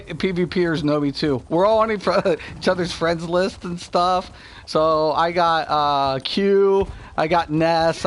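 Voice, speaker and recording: A young man talks loosely to his stream while he plays, his voice sitting a little higher than most men's. He rambles from one thought to the next, swears freely, and laughs between points. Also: slight background noise. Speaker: gaming streamer. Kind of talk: casual live-stream chat.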